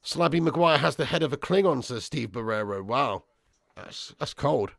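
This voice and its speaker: A man's voice: mid-range voice, expressive, moderate pace, creaky, fairly bright tone, no echo, clean studio sound. A young man hosting a football watch-along, reading out live chat with swearing banter and calling viewers lad and bro.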